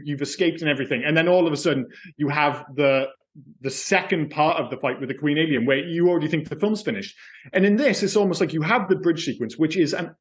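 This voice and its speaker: A man co-hosting a film podcast, talking enthusiastically in casual chat, swearing freely and acting out lines. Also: on the high side. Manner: enthusiastic, swearing, animated storytelling. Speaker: podcast co-host.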